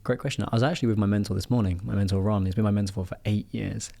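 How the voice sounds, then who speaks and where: A man hosts a relaxed podcast conversation, his voice sitting a little on the low side. He tells stories with energy and slips into the voices of the people he quotes. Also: racing, gravelly. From England. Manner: animated storyteller who acts out quoted voices. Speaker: podcast host and performance coach. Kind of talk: casual podcast chat with storytelling.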